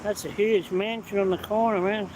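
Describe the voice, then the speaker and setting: A man's voice: high-pitched, fairly even intonation, normal speed. A man chatting casually on a live stream as he walks city streets, answering viewer comments. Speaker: vlogger. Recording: street noise behind phone audio. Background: traffic and street noise.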